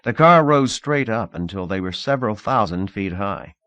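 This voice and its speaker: A man narrating a novel in a measured, expressive audiobook reading. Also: fairly low pitch, no echo.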